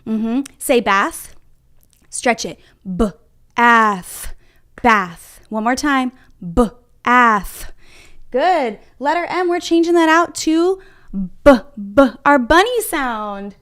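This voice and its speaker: A young woman teaching a livestreamed phonics lesson to small children, encouraging them and sounding out letters slowly and clearly at a whiteboard. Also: high-pitched, animated. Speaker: kindergarten reading teacher. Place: home room at a whiteboard.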